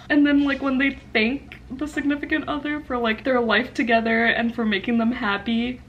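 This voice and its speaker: A woman's voice: fairly high pitch, moderate pace, a bit bright, a little hiss or hum. A woman book vlogger chatting casually and gushing about what she reads, swearing freely. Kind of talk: casual vlog chat. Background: background music.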